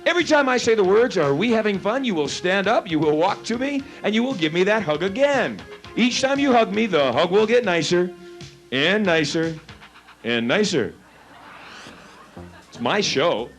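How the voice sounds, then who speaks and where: A man's voice: high voice, very animated, a little fast, soft background music. A man working as a stage hypnotist, giving playful commands to volunteers in front of a live theater audience. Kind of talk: live stage show patter.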